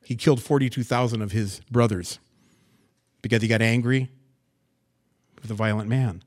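A man from the US West Coast teaching scripture verse by verse in a relaxed, folksy way. He breaks off into plain-spoken asides and stories, his voice mid-pitched and animated. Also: moderate pace. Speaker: pastor.

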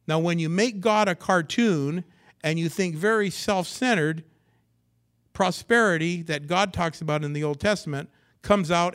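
A man preaching a sermon in a church, swinging from loud, emphatic lines down to hushed, low asides. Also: normal speed, clear, resonant tone. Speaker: pastor. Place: church sanctuary.

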